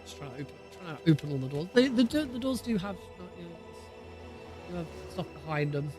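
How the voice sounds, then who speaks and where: A man chats on a live stream, rambling loosely from one thought to the next with lots of fillers and restarts. His voice sits a little high for a man, and faint music plays behind him. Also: sing-song, fast talker. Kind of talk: casual live-stream chat.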